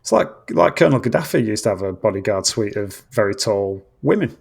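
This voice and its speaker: Sweary man with a gravelly voice. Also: fairly low pitch, lively intonation, brisk. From England. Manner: sweary, blunt, teasing. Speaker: guest. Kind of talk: casual podcast chat. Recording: remote call audio.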